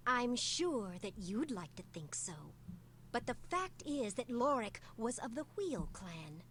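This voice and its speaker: Poised, proud dark elf. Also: female voice, on the high side, sing-song, a little slow, a little hiss or hum. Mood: cool. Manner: cool, poised, challenging. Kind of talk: video game voice acting.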